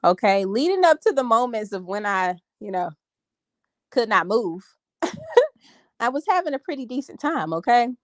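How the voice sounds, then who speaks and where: A woman's voice: fairly high pitch, very animated, moderate pace, pauses often, no room sound, clean studio sound. Tired woman chatting on a phone stream. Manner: chatty, addresses viewers as y'all and honey. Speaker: vlogger. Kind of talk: casual livestream chat.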